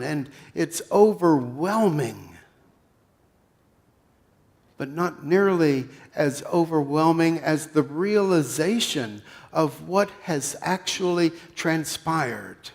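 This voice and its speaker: A man with a Pennsylvania accent preaching a sermon as pastor, leading listeners through a story in a slow, guided way that swells loud and then falls to a hush. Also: fairly high pitch, lively intonation, vocal fry.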